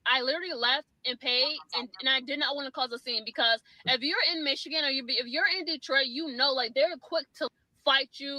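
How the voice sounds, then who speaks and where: A woman's voice: sits high, pushed and bright, no echo, low-quality recording. A young woman telling an exasperated storytime rant about a bad salon visit, casual and full of fillers. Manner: exasperated, quick with many fillers. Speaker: storyteller in a clip.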